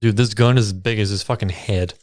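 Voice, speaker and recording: A man's voice: fairly low pitch, fairly even intonation, brisk. A man co-hosting a casual movie review podcast, retelling scenes in a laid-back, profane way. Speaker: podcast co-host.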